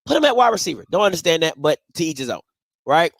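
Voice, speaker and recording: A man with a high voice hosts a live sports show from home. He trash-talks and teases, repeats his points, and stretches words out for emphasis. The sound is dry and close, with no room echo. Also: very animated, gravelly, husky. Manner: playful trash-talking, repeats himself, drawn-out emphasis. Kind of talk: casual live postgame commentary. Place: home, green screen behind him.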